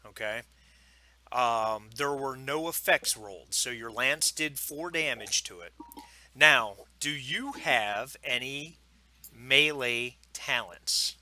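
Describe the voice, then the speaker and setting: A man's voice: mid-range voice, slow, pushed and bright. A man narrating and explaining the rules as game master of a tabletop game, talking loosely with many fillers. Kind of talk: running a tabletop game online.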